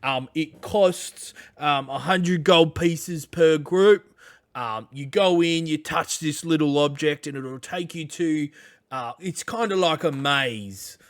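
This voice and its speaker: A man running a tabletop game as game master, relaxed and laughing often, with many fillers. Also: on the high side, slow, no echo.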